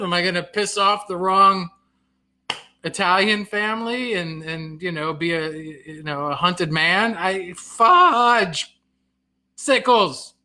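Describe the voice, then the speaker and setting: A middle-aged male comedian talking loosely on a live stream, with a bright, forceful voice pitched a little high. He reads comments aloud, answers them and laughs at himself. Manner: self-deprecating, quick to laugh. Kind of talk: casual live-stream chat.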